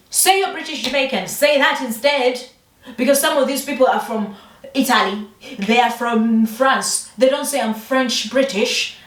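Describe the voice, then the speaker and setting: Emphatic Ugandan-born woman, echoey room. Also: mid-range voice. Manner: emphatic, swears a lot, rhetorical questions. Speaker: vlogger. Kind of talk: passionate opinion monologue. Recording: echoey room, distant mic.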